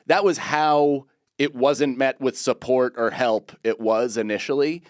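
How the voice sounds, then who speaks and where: A man's voice: medium pitch, a little slow, clear, resonant tone, no room sound. A man hosting a comedy podcast, telling a rambling story in casual chat with many restarts. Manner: rambling, self-interrupting storyteller.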